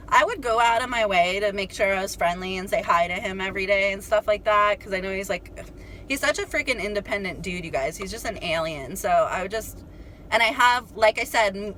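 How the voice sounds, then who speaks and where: This medium-pitched female voice comes through poor audio with a little background noise. She's a young spiritual vlogger recounting a story to her audience, casual and lively, leaning heavily on "like" and tossing in offhand curses.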